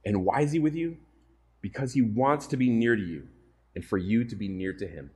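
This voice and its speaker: A man's voice: on the low side, animated, brisk, mellow. A man preaching a sermon as pastor to a congregation, earnest and often putting questions to his listeners.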